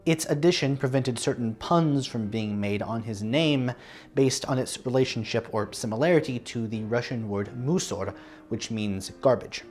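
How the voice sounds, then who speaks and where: A man's voice: mid-range voice, darkish tone. A man hosting a music history lesson, reading a scripted narration with dry, wry asides. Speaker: music history video host.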